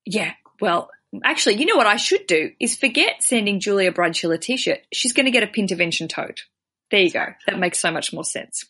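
This is a chatty woman host with a bright, forward voice. She sounds upbeat and casual as she talks with her guest and reads letters out with relish. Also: mid-range voice, expressive, brisk, breathy edge. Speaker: podcast host reading listener letters. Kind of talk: casual chat.

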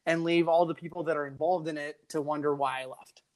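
A man's voice: fairly high pitch, fairly even intonation, fast talker. A man hosting a podcast, chatting casually and laughing often, earnest when giving his answers. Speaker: podcast host, club co-owner.

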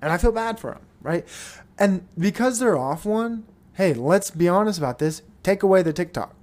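A man's voice: high-pitched, expressive, moderate pace, a little mellow. A man hosting his own show in a rambling, profane, blunt casual monologue. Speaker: podcast host.

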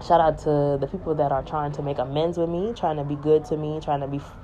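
A woman's voice: low voice, little pitch movement, quick pace, dark tone, dull audio, slight background noise. A woman in a casual spiritual monologue, rambling and emphatic, often repeating herself.

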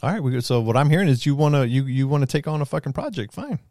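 A man's voice: medium pitch, animated, fast, darkish tone, no room sound, studio quality. A man in his thirties telling stories in casual, profane chat and acting out quotes as he goes. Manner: profane, storytelling, acts out quotes.

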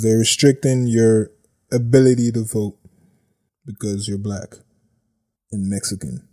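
Slow, blunt sarcastic male podcast host. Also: mid-range voice, warm tone. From United States. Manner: blunt, sarcastic, repeats himself, laughs at own jokes. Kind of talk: casual news commentary.

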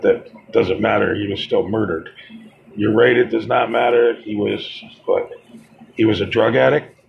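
A man with a deeply gravelly, husky voice delivers a heated, profane monologue, stopping and restarting as he gets worked up. He talks slowly, and the recording sounds dull and lo-fi. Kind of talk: monologue commentary.

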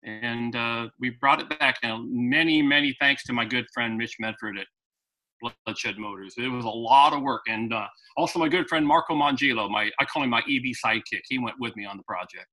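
Man, interview guest, lively anecdotal storyteller, very bright voice. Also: mid-range voice, a little fast, poor audio. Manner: animated anecdotal, with frequent restarts. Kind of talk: storytelling in conversation.

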